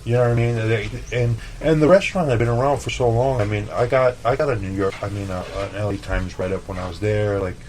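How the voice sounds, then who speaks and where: A man from El Paso, a chef, telling stories in a loose, profane, animated way on a podcast. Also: fairly low pitch, fast, hardly any pauses, a little hiss or hum, low-quality recording. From El Paso, Texas. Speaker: chef, interview guest. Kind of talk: casual storytelling.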